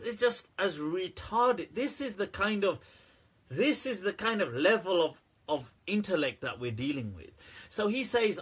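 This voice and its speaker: A man's voice: high voice, a bit bright, husky. A man hosting a live question-and-answer stream in a casual, candid way, laughing often as he talks to viewers. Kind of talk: casual livestream Q&A commentary.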